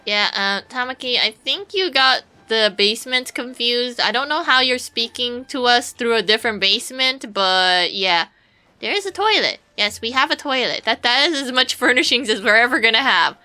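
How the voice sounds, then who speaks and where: A woman's voice: on the high side, moderate pace, few pauses, sharp tone. A woman streamer giving casual gameplay commentary, rambling playfully to her viewers and swearing now and then.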